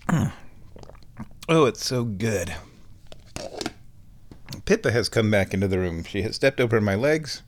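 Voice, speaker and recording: A man's voice: on the low side, animated, a little slow, pauses often. A man around fifty hosts a casual solo show from home, rambling wryly and chuckling at his own jokes. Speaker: podcast host.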